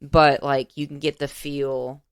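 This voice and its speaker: A woman's voice: low-pitched, level tone, slow, clean tone, no echo. A woman co-hosting a comedy podcast, talking bluntly and swearing freely. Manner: blunt, profane, incredulous. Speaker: podcast co-host. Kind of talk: casual podcast chat.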